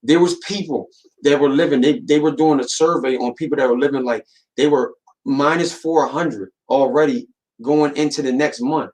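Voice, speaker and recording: A man's voice: mid-range voice, steady tone, moderate pace, darkish tone, low-quality recording. A young man talking casually on a podcast, slangy and emphatic, often repeating himself as he makes his point. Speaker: podcast co-host.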